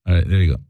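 Slow-reading man cutting promo takes. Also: low voice, warm tone, no echo, studio quality. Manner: laughing between retakes, slow read. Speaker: voice-over talent recording a promo. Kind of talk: recording radio promo takes.

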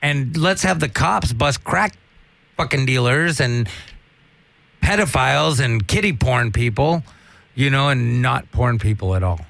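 A man tells crude, rambling stories in a loose comic podcast chat. His voice has a rough, gravelly edge. The sound is dry and close to the mic. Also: mid-range voice, expressive, unhurried, fairly bright tone, dry recording. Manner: rambling, profane, storytelling. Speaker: comedian guest.

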